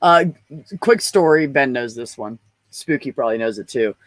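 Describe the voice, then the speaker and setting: A man's voice: medium pitch, expressive, moderate pace, fairly bright tone, no room sound. A trans man in a casual podcast chat, telling personal stories bluntly and with plenty of swearing. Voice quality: blunt and profane, storytelling. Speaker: podcast guest.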